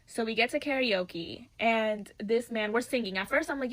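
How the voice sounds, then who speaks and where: A woman's voice: on the high side, normal speed, few pauses, fairly bright tone, rough recording. A woman telling a story to her viewers in a blunt, profane, slangy and dramatic way. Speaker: storytime vlogger.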